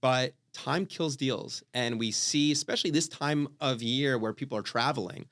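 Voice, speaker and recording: Man, mid-pitched, steady talker who repeats his point. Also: normal speed. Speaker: guest real estate agent. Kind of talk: casual panel talk. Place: studio.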